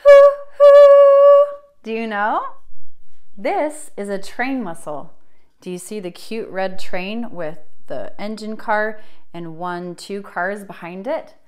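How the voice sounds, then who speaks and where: A young woman teaching a children's music class, encouraging and sing-song, drawing her words out for little kids. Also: medium pitch. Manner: bright, encouraging, slow and drawn out for young children.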